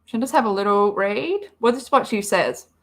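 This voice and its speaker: A woman's voice: medium pitch, lively intonation, brisk. A woman hosting a live reaction stream, chatting casually and rambling as she reads the chat aloud. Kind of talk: casual livestream commentary.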